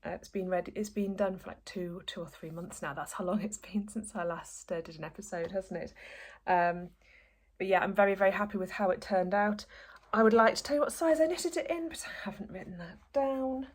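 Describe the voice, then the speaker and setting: Host, woman, casual and rambling, mid-pitched voice. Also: brisk. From northeast England. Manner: chatty, rambling, self-correcting. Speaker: podcast host. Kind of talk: casual chat to camera.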